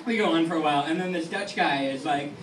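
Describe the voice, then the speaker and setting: A man's voice: fairly high pitch, quick pace, fairly bright tone. A young man in his twenties doing a stand-up comedy set in a small lounge, talking in a rambling, self-deprecating way with lots of fillers and restarts. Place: small lounge venue with a live audience. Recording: echoey room audio from far off with noise. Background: room ambience and audience noise.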